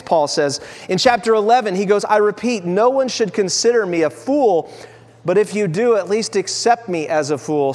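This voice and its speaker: A man's voice: high voice, darkish tone, long reverb tail. A man preaching a sermon as a pastor, in a conversational, self-deprecating way, acting out quotes.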